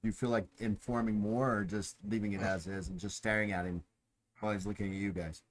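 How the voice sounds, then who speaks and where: A man running a tabletop game as game master, relaxed and laughing as he narrates the tavern scene. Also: lowish voice, fast talker, low-quality recording.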